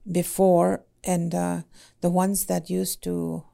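A woman language teacher in casual podcast talk, speaking haltingly with many fillers and "eh?" tags. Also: lowish voice, little pitch movement, creaky, mellow.

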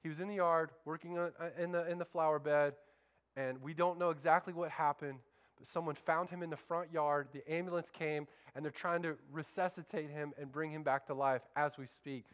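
A man's voice: a little high, steady tone, a little fast, fairly bright tone, clean tone. A man preaching a sermon as pastor, fervent and calling out to his congregation for responses.

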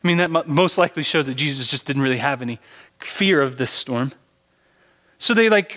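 A man's voice: fairly high pitch, lively intonation, brisk, fairly bright tone. A male pastor preaching a sermon with earnest, dramatic storytelling. He often repeats words as he starts his sentences. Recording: long hall reverb.

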